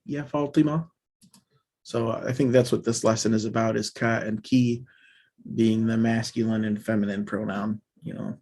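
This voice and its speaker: A man casually teaching a language lesson, reading example sentences aloud and then explaining them in a relaxed, informal way. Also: medium pitch.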